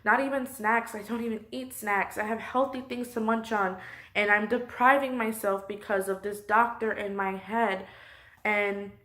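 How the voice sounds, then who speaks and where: A woman's voice: mid-range voice, fairly even intonation, moderate pace, pushed and bright. A woman close to tears, venting her frustration in a personal vlog from her couch at home. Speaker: vlogger.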